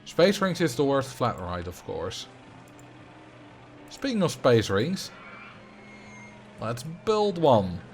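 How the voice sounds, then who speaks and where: A man's voice: mid-range voice, big pitch swings, slow, pauses often, slight background noise. A man streaming a game live, chatting casually and rambling as he answers his chat. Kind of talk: casual live gameplay commentary. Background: faint game music.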